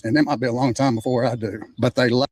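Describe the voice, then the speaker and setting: An older man recounting what happened to him in a plain, measured way. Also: medium pitch, steady tone, darkish tone, no room sound. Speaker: interviewee. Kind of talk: recounting a story.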